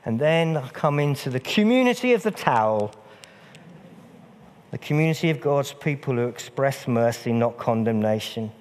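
A man's voice: medium pitch, lively intonation, normal speed, darkish tone. A man preaching a sermon in a church, earnest and repeating phrases for emphasis. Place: church hall. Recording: long church reverb.

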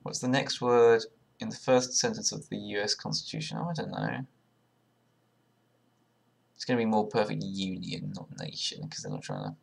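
This young man's lowish voice is expressive, gravelly and breathy-edged, at a moderate pace. A video creator, he comments casually during an online quiz, muttering guesses as he thinks aloud, swearing sarcastically and often, with sudden loud outbursts.

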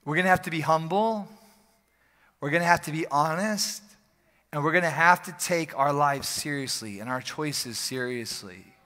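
Man, pastor, energetic conversational preaching, bright tense tone, reverberant church hall. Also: a little high, moderate pace. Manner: energetic, joking, repeats phrases for emphasis. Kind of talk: lively conversational sermon. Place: church sanctuary during a service.

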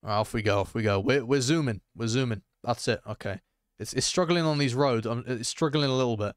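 A young man chatting excitedly to his viewers as he streams a game, reacting loudly and calling out to chat. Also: mid-range voice, brisk, no room sound, clean studio sound. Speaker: gaming streamer. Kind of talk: live gameplay commentary.

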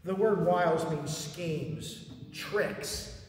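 A man's voice: fairly high pitch, extremely slow, far from the mic, a little hiss or hum. Preaching man in an echoey hall. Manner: preaching with rising emphasis and rhetorical questions. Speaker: pastor. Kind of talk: sermon. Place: church sanctuary.

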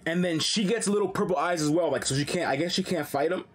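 A young man streaming a live reaction to a comic, talking in an animated, slangy, excitable way. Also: fairly high pitch, fast talker, slightly rough.

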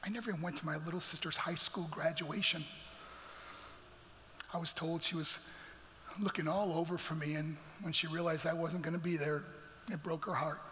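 A man's voice: fairly high pitch, fairly even intonation, normal speed, pauses often, a bit bright, slight background noise. A man giving an earnest, emotional talk as a guest speaker in a church. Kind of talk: heartfelt motivational talk. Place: church sanctuary. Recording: long hall reverb with faint music.

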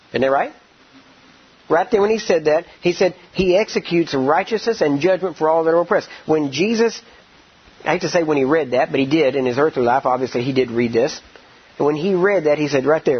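A man teaching a ministry training session in a sermon style, telling stories in an animated, colloquial way and often repeating words. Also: a little high, fairly quick, slightly rough. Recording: dull lo-fi audio.

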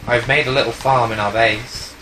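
A man chatting while playing a video game, teasing his friend with deadpan dark jokes. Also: mid-range voice, normal speed, a little hiss or hum, rough recording. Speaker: gamer. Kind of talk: casual gaming chat.

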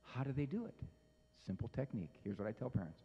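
A man giving a humorous parenting talk to an audience, telling stories with lively voices. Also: mid-range voice, fast talker, husky, long reverb tail, dull audio. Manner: animated storytelling, acts out voices. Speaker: speaker on parenting.

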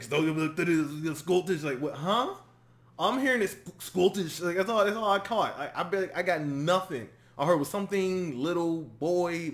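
Hyped young guy rambling through a reaction vid, high-ish voice, super animated. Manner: excitable, rambling, quick laughs and restarts. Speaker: YouTube reaction host. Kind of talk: casual reaction commentary.

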